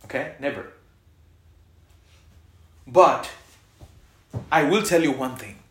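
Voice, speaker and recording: A man preaching a sermon as pastor, calling out lines for the congregation to repeat and swinging between loud exhortation and soft reassurance. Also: medium pitch, expressive, slow. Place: church hall. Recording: echoey church hall.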